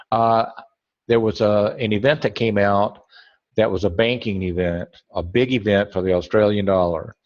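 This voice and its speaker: Rambling man teaching trading, muffled audio. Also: lowish voice. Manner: rambling, self-correcting, thinking aloud. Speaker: trading webinar instructor. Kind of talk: screen-share trading tutorial.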